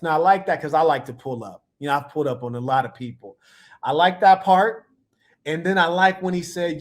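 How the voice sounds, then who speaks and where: A man's voice: a little high, moderate pace. A man casually reacting to video clips, telling stories in a playful, slangy way. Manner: playful, animated storytelling with slang.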